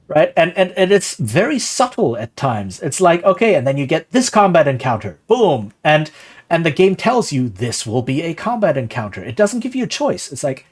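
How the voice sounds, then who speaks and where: Animated man chatting on a livestream. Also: fairly high pitch, normal speed, slightly rough. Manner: animated, rhetorical, frequent "right?"; reads chat aloud and replies. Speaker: streamer. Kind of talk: casual livestream talk on game design.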